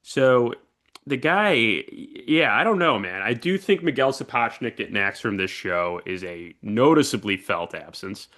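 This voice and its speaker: A man co-hosting a podcast in casual chat, animated as he retells scenes. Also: mid-range voice, a little slow. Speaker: podcast co-host.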